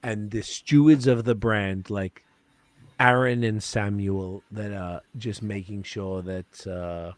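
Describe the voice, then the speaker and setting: A man's voice: on the low side, fairly even intonation, slow pace, dry recording. A man hosting a podcast, chatting casually and rambling with swearing and fillers. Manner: loose and profane, rambling with lots of fillers. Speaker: podcast host.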